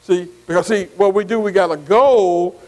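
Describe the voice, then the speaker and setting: A man's voice: high-pitched, normal speed, darkish tone, in a large hall, poor audio. A man teaching a Bible study class. He spells Greek words out letter by letter, keeps saying "see" between phrases and keeps asking the class if they follow.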